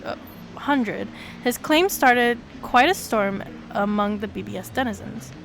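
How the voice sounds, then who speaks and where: A woman streamer reading a visual novel aloud, with sudden excited leaps in her voice. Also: a little slow, gravelly, slight background noise. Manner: animated reading with sudden high excited jumps.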